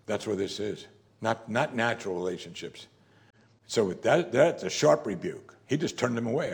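A man's voice: on the low side, expressive, normal speed. A man preaching a sermon as pastor, talking in a conversational, emphatic way and often saying "you see".

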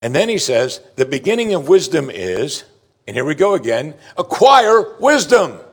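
A man's voice: medium pitch, big pitch swings, normal speed. Man preaching with emphatic swings. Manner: emphatic, swings between loud declarations and quiet asides. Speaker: pastor. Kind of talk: sermon.

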